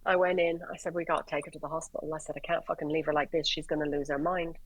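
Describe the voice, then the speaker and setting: An Irish woman, a paramedic guest, telling stories in a lively way, swearing and acting out the dialogue. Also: deep voice, rapid-fire, no echo, low-quality recording. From Ireland. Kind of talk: animated storytelling in conversation.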